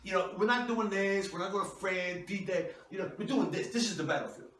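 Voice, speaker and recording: Man playing a bullying swearing internet warrior, higher pitched and loud, roomy distant sound. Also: a little fast, a little hiss or hum. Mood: ranting. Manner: profane, bullying, bombastic war talk. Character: ranting, self-important online free-speech warrior, man. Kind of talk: comedic character sketch. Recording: echoey, mic far off.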